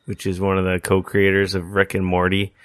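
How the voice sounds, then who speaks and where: Male podcast host with a lowish, dry voice who chats loosely and swears a lot. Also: monotone, fairly quick, smooth, dry recording. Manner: rambling, swears freely. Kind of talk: casual chat.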